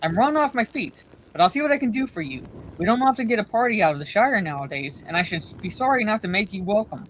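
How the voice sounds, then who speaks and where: A chatty, fat middle-aged innkeeper voiced by a woman reading aloud bustles through his words, forgetful and hurried. He never stops talking, even when run off his feet. His voice sits at an ordinary middle pitch, read aloud as part of a storybook. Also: a little hiss or hum, close to an everyday voice. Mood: flustered.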